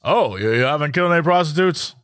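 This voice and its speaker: A man's voice: a little high, expressive, quick pace, fairly bright tone. A man reading the lines of a brash, middle-aged male radio shock jock who fires off blunt, probing questions. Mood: prying.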